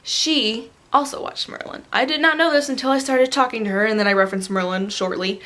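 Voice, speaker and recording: A young adult woman vlogging to a camera on a tripod, rambling excitedly in a casual fan rant. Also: fairly high pitch, fairly quick.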